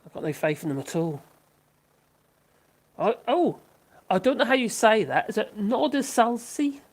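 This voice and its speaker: This livestream host is an older woman whose low voice has a breathy edge and big swings in pitch, at a normal speed. Chatting casually, she reads viewer comments aloud, rambling, giggling frequently, and restarting often.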